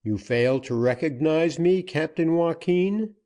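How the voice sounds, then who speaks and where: A male audiobook reader voices a grim, steely gunman out for vengeance, laying down his terms in a commanding, cold, deliberate way. The delivery is slow, dark and mellow, lightly acted and fairly high, pitched just slightly above the reader's own plain voice.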